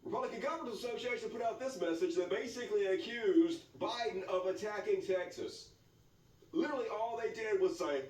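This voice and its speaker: A man's voice: a little fast, darkish tone, reverberant, far from the mic, low-quality recording. A man from the American South hosting a sarcastic reaction commentary, mocking and profane in the way he talks. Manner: mocking, profane, swings between high and low tones. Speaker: commentary host.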